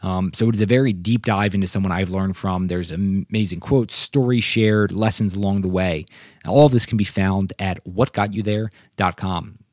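A man's voice: deep voice, normal speed, a little mellow, dry recording, studio quality. A young man hosting a solo podcast, talking earnestly and often checking in with "right?" and "like". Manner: earnest, keeps asking "right?" and "like". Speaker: podcast host.

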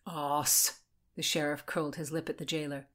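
A woman narrating a historical story in an even, measured way and explaining its background as a co-host. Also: deep voice.

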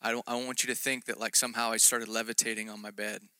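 Forceful, smooth-voiced male preacher. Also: lowish voice, flat delivery, fast, no room sound. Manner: self-deprecating storytelling with jokes. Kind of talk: conversational sermon.

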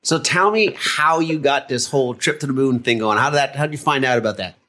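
A man's voice: medium pitch, a little fast, pushed and bright. A man in casual chat on a podcast, retelling conversations and quoting the people in them. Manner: chatty, retells conversations with quoted voices. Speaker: podcast guest.

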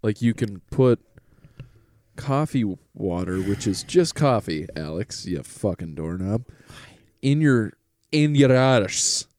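A man's voice: lowish voice, animated, slow pace, darkish tone, dry recording. A young man co-hosting a casual comedy chat, joking, laughing often and swearing freely. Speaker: podcast co-host.

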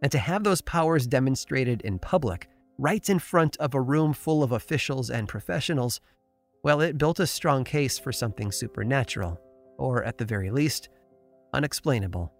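A man hosting a podcast, narrating a strange historical tale in a measured storytelling voice with dramatic pauses. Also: mid-range voice, lively intonation, soft background music. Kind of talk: scripted narration.

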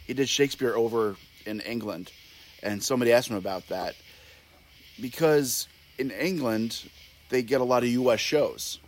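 A man's voice: mid-range voice, normal speed. A man on a movie review podcast panel, explaining his points at length with restarts. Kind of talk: casual movie review chat.

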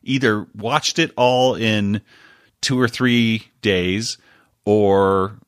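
A man's voice: lowish voice, steady tone, extremely slow, clear, resonant tone, no room sound, studio quality. A man hosting a podcast in casual chat, rambling, often laughing and breaking off mid-sentence. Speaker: podcast host.

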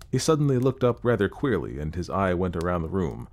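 A man with a low voice reads a classic story aloud in a measured, steady storytelling manner. The narration is calm and unhurried. He shifts easily between plain telling and the characters' speech. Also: slight background noise. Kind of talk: audiobook narration.

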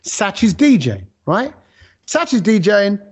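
A man's voice: high voice, sing-song, measured pace, husky. A man hosting a casual chat, animatedly explaining things through acted-out analogies. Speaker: podcast host. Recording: dull lo-fi sound.

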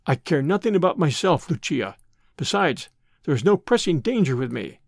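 Gallant young hero from a storybook, earnest and proud, lively pitch, man doing him in his own voice, dry mic. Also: normal speed, creaky, no room sound, exaggerated voice.

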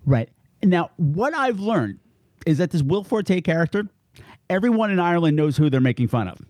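A man co-hosting a podcast, chatting casually and jokily, with quick asides in comic voices. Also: on the high side, no room sound, clean studio sound. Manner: jokey, animated, slips into comic voices. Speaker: podcast co-host. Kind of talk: casual chat.

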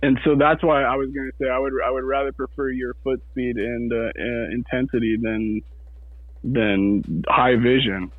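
A man's voice: medium pitch, fairly even intonation, moderate pace, breathy edge. A man talking as a guest in a casual chat, hesitant and often repeating his words. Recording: tinny phone line.

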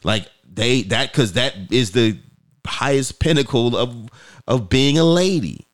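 Man co-hosting a podcast, lively swinging pitch, profane animated storytelling. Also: unhurried. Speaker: podcast co-host. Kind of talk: casual podcast chat.

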